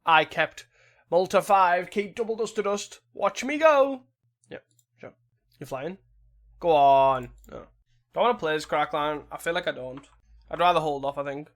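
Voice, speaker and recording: A man's voice: a little high, fairly quick, a bit bright. A man casually commentating his own online card game, muttering his plays and grumbling at his own mistakes. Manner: muttering, self-critical, exasperated. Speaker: gameplay commentator.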